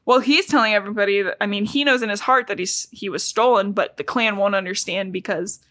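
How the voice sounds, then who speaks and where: A young woman co-hosting a podcast, recapping a book in a casual, chatty way with lots of "like" and quick jokey asides. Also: medium pitch, a bit bright, no room sound. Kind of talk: casual chat.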